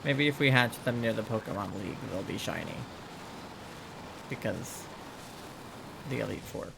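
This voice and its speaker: Live-streaming a video game from his home setup, a man gives rambling, playful, chatty commentary full of laughs and squeals, sounding a bit sleepy and yawning. His lowish voice is expressive, with vocal fry and a moderate pace, over a noisy background.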